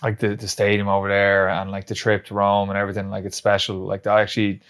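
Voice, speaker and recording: Male athlete guest, low voice, casual and hesitant. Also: completely flat delivery, quick pace, a bit bright. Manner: hesitant, lots of "like" and fillers. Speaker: guest rugby player. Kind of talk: interview answers.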